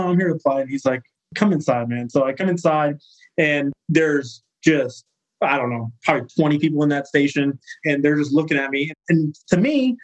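A man from California in his thirties, talking as a guest firefighter in a relaxed interview. His voice sits a little high for a man, and he tells his story with animation, slipping into the voices of the people he met. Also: rough recording. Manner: animated, acts out quoted voices.

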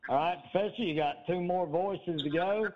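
A man with a slightly high voice co-hosts a casual online talk show. He speaks in a slow drawl with many fillers. The sound is dull and lo-fi, like an online call. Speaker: co-host.

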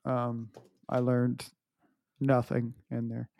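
A man's voice: mid-range voice, monotone, slow pace, vocal fry, mellow, no room sound. A man co-hosting a podcast with a nasal voice, joking and teasing his co-host in casual banter. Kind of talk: casual chat.

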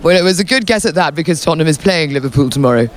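A man's voice: on the high side, animated, racing. A male radio host interviewing people outdoors in a playful, quizzing manner. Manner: playful, quizzing, laughs easily. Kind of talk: casual interview.

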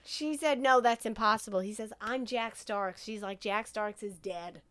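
A woman's voice: medium pitch, animated, a little slow. A tipsy woman co-hosting a podcast, retelling movie scenes in casual chat and acting out the characters' lines. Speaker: podcast co-host recapping a movie.

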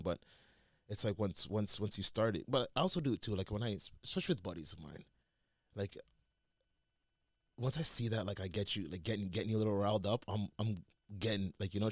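A podcast co-host chats casually, rambling with many restarts and acting out the things he says to himself in quoted self-talk. His voice is lowish, on a dry, studio-quality recording.

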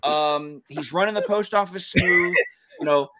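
A man's voice: on the high side, unhurried, sharp tone, no echo. A man in a casual chat, ranting with profanity in a comic way.

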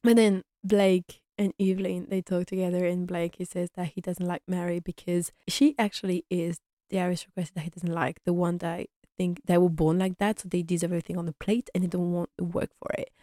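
A woman's voice: fairly low pitch, little pitch movement, brisk, warm tone, no room sound, clean studio sound. A young woman giving a casual, enthusiastic episode recap as a fan reviewer, laughing often and using lots of fillers.

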